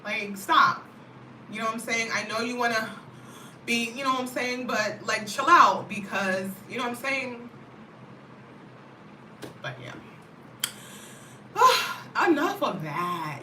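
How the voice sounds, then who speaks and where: American woman, vlogger, casual and talkative; bright tone, echoey distant mic. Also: mid-range voice, a little hiss or hum. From United States. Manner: animated, talkative, frequent "you know what I mean". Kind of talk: casual chat to camera.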